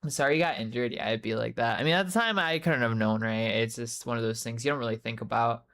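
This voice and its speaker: A man's voice: mid-range voice, quick pace, a bit bright. Rambling young man chatting on stream. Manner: rambling, loose and profane, many fillers; answers chat messages by name mid-story. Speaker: livestreamer reading chat. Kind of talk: casual live-stream chat.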